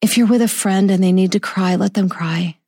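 A middle-aged woman speaking softly and slowly about a personal loss in a heartfelt, reflective monologue. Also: mid-range voice, fairly even intonation, husky, no echo, clean studio sound. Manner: soft, slow and heartfelt, with tender pauses. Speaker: vlogger sharing a personal story.

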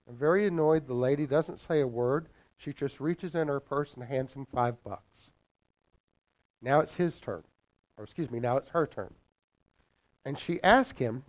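A man preaching a morning lesson as a minister, telling a parable with expressive shifts in loudness for emphasis. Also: fairly high pitch, normal speed, rough recording. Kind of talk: sermon with a told parable.

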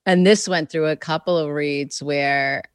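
Woman, children's author guest, low voice, rambling casual speech, close dry sound. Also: steady tone, a little slow, clear, resonant tone, no room sound. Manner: rambling, full of "like" and "you know"; reenacts conversations in quotes. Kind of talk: casual interview chat.

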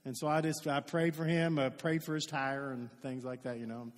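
A pastor from Kentucky preaching a sermon, telling stories and acting out the dialogue in them. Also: male voice, medium pitch, moderate pace, long reverb tail. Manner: lively storytelling, acts out quoted dialogue.

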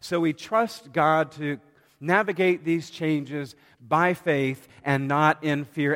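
A man preaching a sermon from the pulpit in a measured, dramatic way, with pauses between phrases. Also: a little high, a bit bright. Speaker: pastor. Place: church sanctuary. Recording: long hall reverb.

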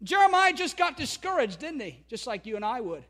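A man's voice: extremely high pitch, very animated, a little fast, a bit bright. A man preaching a sermon as pastor, building his points through emphatic repeated declarations.

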